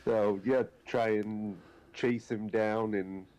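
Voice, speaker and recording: A man playing in a tabletop game, talking in a slow, hesitant way. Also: fairly low pitch, steady tone, darkish tone. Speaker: player. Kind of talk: casual chat.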